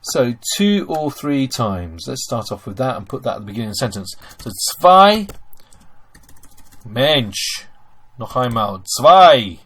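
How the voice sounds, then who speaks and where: A man's voice: medium pitch, expressive, normal speed, a bit bright, breathy edge. Man teaching German grammar, typing. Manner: explains step by step, addresses "ladies and gents". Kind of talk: screen-recorded language lesson.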